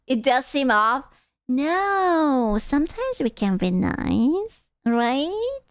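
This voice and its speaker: A woman streamer giving casual, animated reaction commentary, gasping and laughing as she talks. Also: sits high, takes it slowly, no echo. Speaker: VTuber streamer reacting to videos.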